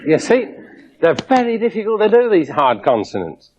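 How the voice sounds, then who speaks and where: A man lecturing to an audience in a lecture theatre, his voice sitting a little high and lively as he demonstrates with wry asides. The sound is dull and muffled, like an old 1970s broadcast. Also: normal speed. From England. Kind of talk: public science lecture.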